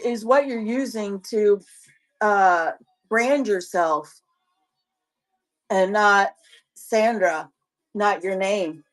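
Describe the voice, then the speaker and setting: A woman with a Southern US accent on a casual livestream, coaching other sellers in a rambling way, often repeating herself and restarting. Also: mid-range voice.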